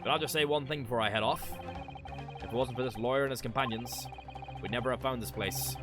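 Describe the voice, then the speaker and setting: A man with an Irish accent reading game dialogue aloud as a gruff male police inspector, brisk and blunt. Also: mid-range voice, background noise, lightly acted.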